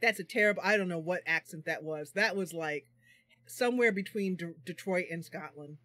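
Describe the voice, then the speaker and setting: A woman hosting a livestream, talking in an excitable, giggly, expressive way as she plays a fantasy game at home. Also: on the low side, brisk, no echo. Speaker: streamer and host. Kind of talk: livestream gameplay commentary.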